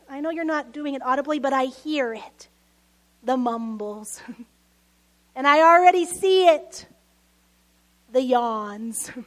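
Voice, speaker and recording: A woman pastor delivers a sermon in a very high, light voice. She talks slowly and conversationally, with chuckling asides to the congregation. Key lines sink to a near whisper.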